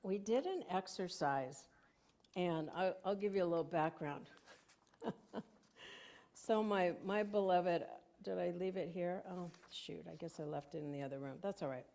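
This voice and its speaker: A woman's voice: fairly low pitch, normal speed, creaky, mellow. An older woman minister giving a conversational sermon in a church sanctuary, telling stories and laughing often.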